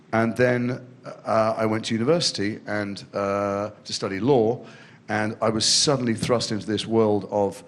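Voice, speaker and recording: A man's voice: lowish voice, slight background noise. A middle-aged man from England, a guest actor telling rambling self-deprecating stories in an interview on a festival stage. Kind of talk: in-depth interview conversation. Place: festival stage before a student audience.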